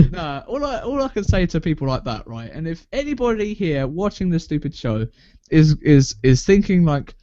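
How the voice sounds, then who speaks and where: A young man chats crudely on a podcast, boasting and laughing. His pitch swings widely as he tells stories. The recording is dry and slightly muffled. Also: very animated, normal speed, dark tone, dry recording. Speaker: podcast co-host. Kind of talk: casual chat. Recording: dull lo-fi sound, dry.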